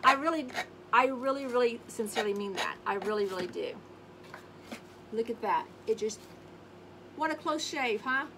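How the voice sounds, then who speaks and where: A woman hosting a casual craft tutorial, chatting warmly to viewers and humming little scat tunes as she works. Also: fairly high pitch, normal speed, pauses often, background noise. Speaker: craft video host. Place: home craft space on an acreage.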